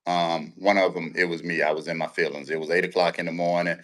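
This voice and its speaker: A man's voice: low voice, little pitch movement, fast, fairly bright tone. A man with a drawl chats easily as an interview guest, spinning stories from the ballfield. He leans into his tales, laughs often, and keeps asking whether the listener follows him. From Central Texas. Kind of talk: casual interview chat.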